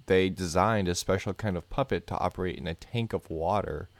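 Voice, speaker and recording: A man co-hosting a casual movie-review chat, explaining trivia in a measured way. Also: sits low, dry recording. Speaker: podcast co-host.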